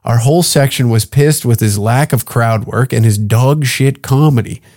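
Brash profane podcast host. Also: male voice, mid-range voice, moderate pace, darkish tone, no room sound, studio quality. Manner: brash, profane, mock-therapeutic. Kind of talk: casual comedy podcast rant.

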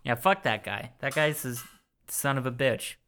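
A man's voice: medium pitch, moderate pace, sharp tone, slight background noise. A young man co-hosting a podcast, recapping a movie in a jokey, profane way and laughing often. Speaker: podcast co-host. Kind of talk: casual movie-recap chat.

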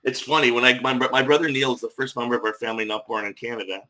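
A man's voice: mid-range voice, little pitch movement, racing, poor audio. A man from Northern Ireland with a faint Irish accent, telling stories with wry humor as a guest in a casual interview. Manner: warm storytelling, wry humor. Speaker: podcast guest.

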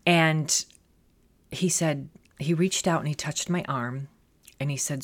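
A middle-aged woman with a notably deep, low-pitched voice shares a personal story in a motivational talk. Her delivery is earnest and reflective, with frequent "you know" fillers and restarts as she works her way through her thoughts. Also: takes it slowly.

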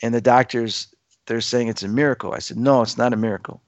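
A man's voice: mid-range voice, fast talker, no room sound. Man telling a vivid personal story. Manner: acts out quoted voices, lively and emphatic.

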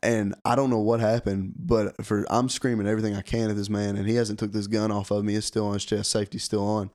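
A young man tells a story in a relaxed, chatty way, and his voice sits a little low. He acts out the quoted lines as he goes. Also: fast. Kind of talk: casual storytelling.

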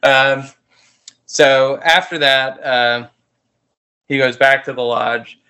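A man's voice: medium pitch, steady tone, slow pace, pushed and bright, smooth. A man casually recapping a movie with a co-host, laughing often and swearing freely. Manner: laughs often, swears, retells scenes in acted quotes. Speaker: podcast co-host.

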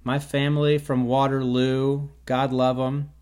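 A man's voice: medium pitch, monotone, a little slow, darkish tone, smooth. A man hosting a solo talk show, telling stories in a wry, rambling way with sarcastic asides. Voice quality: stutters on his own name at times. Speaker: podcast host. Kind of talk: casual solo monologue.

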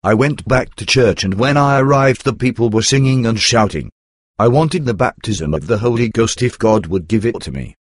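A man narrating a first-person memoir in a measured, earnest storytelling manner. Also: medium pitch, expressive, no room sound.

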